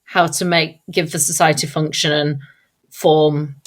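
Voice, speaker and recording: Low-voiced chatty woman podcast co-host. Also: little pitch movement, measured pace. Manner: chatty, thinks aloud with many fillers. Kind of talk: casual chat.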